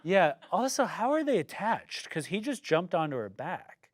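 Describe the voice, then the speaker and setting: Chatty man, slightly high voice, dry sound. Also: big pitch swings, moderate pace, dry recording. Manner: chatty, laughs often, uses lots of fillers. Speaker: podcast co-host. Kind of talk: casual movie-review chat.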